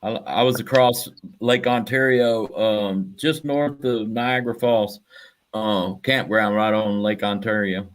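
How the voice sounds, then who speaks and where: A man chatting casually on a livestream, halting and full of fillers. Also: lowish voice. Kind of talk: casual chat.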